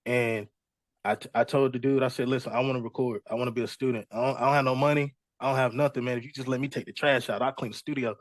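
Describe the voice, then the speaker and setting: A man's voice: medium pitch, fast, no room sound. A young adult man, a music artist, casually telling his story as an interview guest and acting out what people said to him. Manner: relaxed storyteller, acts out quoted dialogue.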